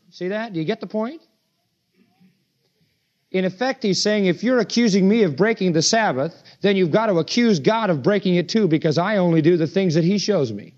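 Male preacher, high voice, forceful and emphatic delivery, muffled lo-fi recording. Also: expressive, a little fast. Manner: emphatic, acts out quoted voices with rising pitch. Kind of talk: sermon. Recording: dull lo-fi sermon recording.

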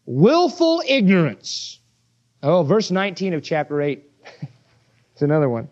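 A male preacher with a high, lively voice that leaps up and down as he drives his points home. He preaches with emphasis and fires rhetorical questions at his listeners. The recording sounds dull and lo-fi. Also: unhurried. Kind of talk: sermon.

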